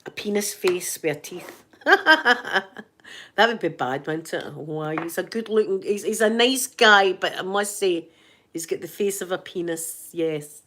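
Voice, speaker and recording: A woman's voice: fairly low pitch, measured pace, bright, forceful tone. A Scottish woman hosting an ASMR channel, chatting casually with live viewers in a giggly, joking, rambling way.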